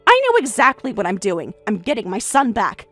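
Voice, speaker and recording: A woman voicing a frantic, defensive middle-aged mother who talks in a shrill, insistent, raised voice over faint music. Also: huge pitch swings, fairly quick, a bit bright, exaggerated voice.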